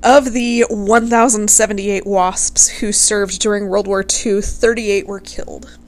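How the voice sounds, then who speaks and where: A woman's voice: mid-range voice, steady tone, a little slow. A woman casually telling a history story to her viewers, gushing over her subject, swearing freely and close to tears.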